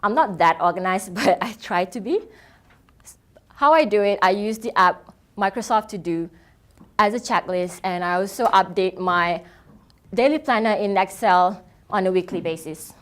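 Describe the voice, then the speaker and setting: Young woman, non-native English speaker, student keynote, earnest and lively delivery, mid-range voice. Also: mid-range voice, normal speed. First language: not English. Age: young adult. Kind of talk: prepared presentation. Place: event stage.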